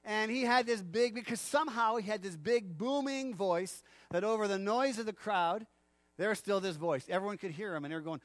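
A man preaching a sermon in a church, animated, acting out the quotes and laughing often. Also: sits high, a little fast, dry recording. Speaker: pastor.

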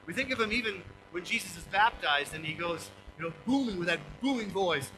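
An older man preaching a sermon as pastor, emphatic and animated, acting out quotes and chuckling along the way. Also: high voice, a little fast, faint music behind, rough recording.

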